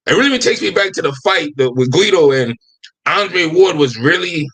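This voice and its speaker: Animated, husky-voiced host. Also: male voice, on the high side, moderate pace. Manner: rambling, hesitant questions full of fillers. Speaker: interview host. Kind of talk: casual interview chat.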